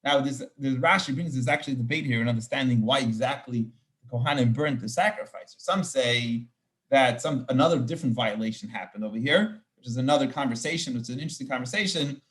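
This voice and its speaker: A man's voice: mid-range voice, fast talker, a bit bright. A man, a rabbi, teaching an informal Torah class, explaining verses with Hebrew terms and frequent restarts.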